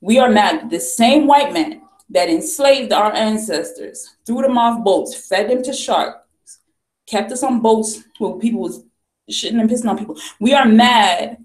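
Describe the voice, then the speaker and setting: A woman's voice: a little high, a little slow. A woman vlogger giving ranting commentary, emphatic and repetitive, firing off rhetorical questions. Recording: echoey room.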